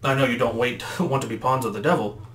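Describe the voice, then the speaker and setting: A man's voice: medium pitch, fast talker, fairly bright tone, close to an everyday voice. A man voicing a wise, grandfatherly old male kettle elder who gives warnings, with a put-on voice that keeps shifting. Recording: roomy echo, faint background noise.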